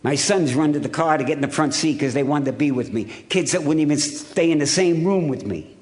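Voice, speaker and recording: Gruff, blunt storytelling man from Ohio. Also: on the high side, brisk. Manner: blunt and gruff, swears freely, animated storytelling. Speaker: recovery meeting speaker. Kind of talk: storytelling talk to an audience.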